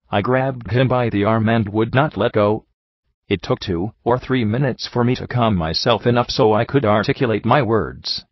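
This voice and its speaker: A man narrating a book in a steady, measured reading style. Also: lowish voice, no echo. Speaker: audiobook narrator. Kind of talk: scripted narration. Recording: slightly muffled lo-fi recording.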